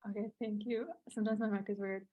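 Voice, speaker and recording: A medical student woman introducing herself softly on a video call. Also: mid-range voice, level tone, fast.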